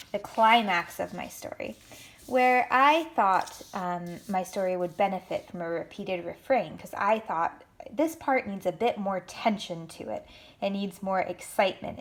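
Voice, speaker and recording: A woman teacher records a writing lesson for young students. She explains each step clearly and speaks in an encouraging way. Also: medium pitch.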